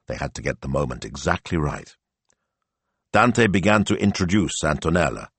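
Male audiobook narrator, deep, animated contour, dry studio read. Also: moderate pace, husky, dry recording.

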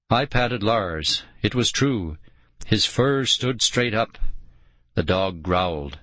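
A man giving steady, measured first-person narration of an audiobook. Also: fairly low pitch, dry recording.

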